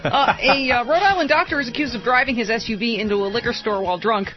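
A woman's voice: fairly high pitch, quick pace, faint music behind. A woman hosting a talk radio show, joking through the news and laughing at her own lines. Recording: slightly dull broadcast audio.

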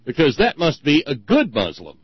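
A man co-hosting a talk show, talking in a sarcastic, ranting way with many halting restarts. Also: a little high, huge pitch swings, husky, no room sound, lo-fi sound. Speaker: podcast co-host. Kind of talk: casual opinion talk.

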